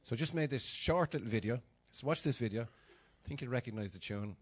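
A man's voice: mid-range voice, expressive, fairly quick, slight background noise. An older man with a Dublin Irish accent, preaching an informal sermon in a church hall, chatty and self-mocking, acting out little dialogues. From Dublin, Ireland. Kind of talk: informal sermon with humorous stories.

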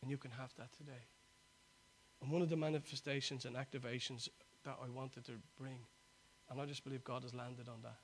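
A man, preaching a sermon that swings from loud exhortation to quiet, intimate appeal. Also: mid-range voice, little pitch movement, a little fast, slight background noise.

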